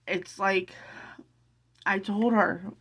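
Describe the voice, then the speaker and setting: A middle-aged woman telling a personal family story to camera in a casual, emotional way, halting and tearful. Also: medium pitch, a bit bright, breathy edge. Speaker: vlogger sharing family news.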